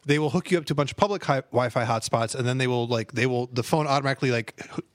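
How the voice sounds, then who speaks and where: Man, podcast co-host, steady explainer, mid-pitched, dry close sound. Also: rapid-fire, dry recording. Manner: explains details in a plain, steady way. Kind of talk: casual group chat.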